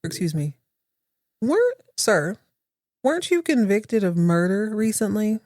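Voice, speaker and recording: A woman voicing a calm young male lawyer questioning his father in court, measured and persuasive. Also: medium pitch, no echo, studio quality.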